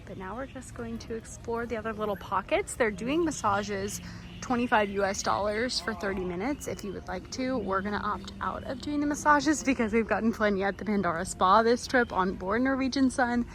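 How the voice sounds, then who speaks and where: A woman chatting excitedly as she films a travel vlog on a handheld camera while touring outdoors. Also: medium pitch, brisk, background noise. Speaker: travel vlogger. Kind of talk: casual travel vlog narration. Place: outdoors on a busy tropical island tour. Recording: clear crowd chatter behind.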